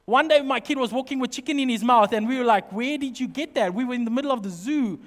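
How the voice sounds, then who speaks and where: A middle-aged man preaching a sermon, telling funny personal stories in an animated, joking way. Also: extremely high pitch, fast talker. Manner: humorous, animated storytelling. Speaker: pastor. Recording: long reverb of a hall.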